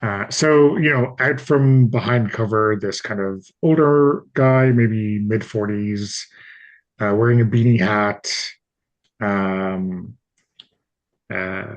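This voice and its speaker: A man running a tabletop game as game master, describing the scene slowly and hesitantly with many fillers. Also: lowish voice, steady tone. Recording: dull lo-fi audio.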